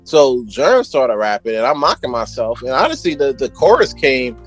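A man's voice: medium pitch, big pitch swings, normal speed. A man, a music producer telling stories as an interview guest in a slangy, laid-back way. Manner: laid-back, slangy, many "you know what I'm saying" fillers. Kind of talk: casual storytelling chat.

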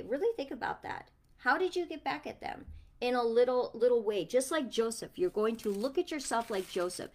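A mother chatting casually to her viewers on a livestream, rambling and affectionate. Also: on the high side.

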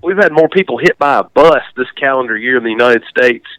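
A man's voice: mid-range voice, a little fast, a bit bright, no room sound, low-quality recording. Laid-back man telling stories dry. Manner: storytelling, laughs often, frequent restarts. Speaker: podcast host. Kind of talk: casual chat.

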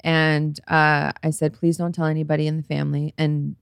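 Gravelly, candid young woman telling a story. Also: low voice, flat delivery, normal speed, no echo, clean studio sound. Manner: candid storyteller, swears freely, acts out quotes loudly. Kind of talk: casual chat.

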